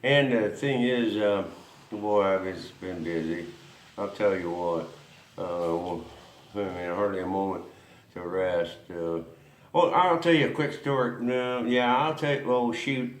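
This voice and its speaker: A man's voice: lowish voice, measured pace, reverberant, slight background noise. A man hosting a racing history show, rambling through a folksy story with lots of chuckles and asides.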